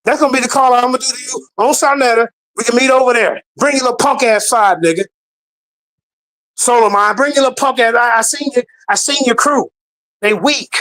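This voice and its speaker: Brief: heated profane man on a remote call, bright sharp tone. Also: extremely high pitch, fairly quick, poor audio. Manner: loud, profane, repeats himself. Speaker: guest on a live debate stream. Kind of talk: heated live-stream rant.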